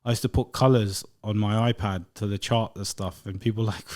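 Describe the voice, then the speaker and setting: A man in his thirties, a musician guest, talking in a relaxed, rambling way in a casual interview. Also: lowish voice, fairly quick. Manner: relaxed, rambling, laughs often.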